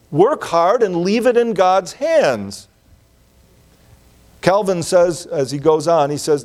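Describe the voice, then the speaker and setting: Earnest man preaching, slightly high voice. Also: darkish tone. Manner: earnest, emphatic, slows on key phrases. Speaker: pastor. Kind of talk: sermon.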